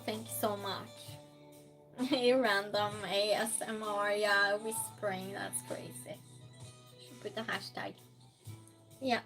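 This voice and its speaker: A woman hosting a quiz game on her live stream, reading chat messages aloud in a casual way, sometimes loud and sometimes dropping almost to a whisper. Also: on the high side. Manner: reads chat aloud, slow and chatty, swings between loud outbursts and soft near-whispers.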